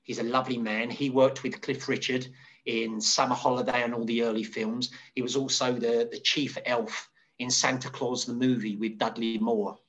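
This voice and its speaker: A middle-aged man, a hairdresser, telling rambling stories as an interview guest, jumping up in pitch to act out what people said. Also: moderate pace. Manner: animated, acts out quoted voices with sudden high pitch; rambling, many restarts and fillers. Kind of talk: casual storytelling.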